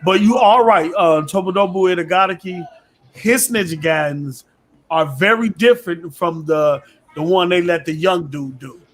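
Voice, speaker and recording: A male podcast co-host who talks casually and explains things with little asides. His voice is high for a man. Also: normal speed. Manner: explains and adds asides like "you know what I'm saying". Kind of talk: casual gaming discussion.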